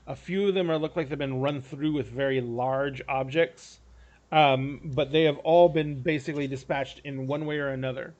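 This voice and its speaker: A man's voice: medium pitch, steady tone, moderate pace, a little mellow, highs cut off. A man running a tabletop game as game master, describing scenes in a rambling way with frequent restarts.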